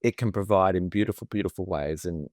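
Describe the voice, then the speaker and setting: A man's voice: sits low, a little fast, darkish tone, no room sound, clean studio sound. A man, co-hosting a podcast as a therapist and telling a personal story in an emotive, chatty way. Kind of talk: casual conversation.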